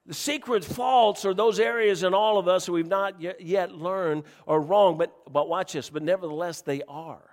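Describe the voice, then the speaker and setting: A man's voice: high-pitched, normal speed, few pauses, in a large hall. A man preaching a sermon, telling folksy stories and joking with his congregation. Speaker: pastor.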